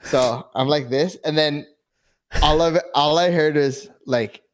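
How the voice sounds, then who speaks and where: A man's voice: fairly high pitch, measured pace, slight background noise. A man co-hosting a podcast, telling a crude story in a rambling way, full of fillers, restarts and swearing. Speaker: podcast co-host. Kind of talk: casual chat.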